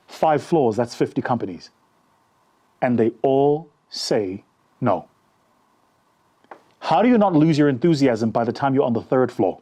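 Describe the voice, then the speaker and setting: Animated, mellow-voiced male motivational speaker. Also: mid-range voice, slightly rough. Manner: animated, addresses listeners directly, acts out dialogue. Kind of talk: motivational storytelling talk.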